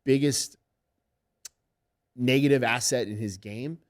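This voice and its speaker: A man's voice: medium pitch, slow pace. A middle-aged man, a fight coach, telling stories with heavy swearing in a casual podcast interview. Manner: animated, profane storytelling. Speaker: MMA head coach.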